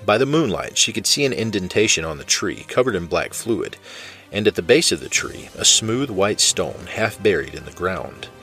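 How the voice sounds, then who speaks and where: A man narrating fiction in a steady, measured way. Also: low voice, soft background music.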